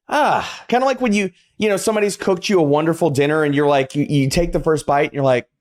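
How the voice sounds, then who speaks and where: A man talking as a podcast panelist, making forceful points and acting out other people's reactions. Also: fairly high pitch, fast. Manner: emphatic, argumentative, acts out quotes. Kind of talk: casual podcast chat.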